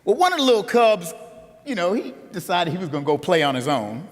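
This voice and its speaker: A man preaching an animated storytelling sermon that builds to a rousing close, recorded in a large conference hall. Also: high-pitched, a little fast.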